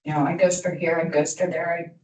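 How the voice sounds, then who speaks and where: A woman's voice: on the low side, level tone, fairly quick, a little mellow. Candid woman speaking in an echoey room. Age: 30s. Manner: candid, rambling, peppered with "you know". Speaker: alumni speaker. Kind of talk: motivational talk to youth. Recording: echoey room from far off, faint noise.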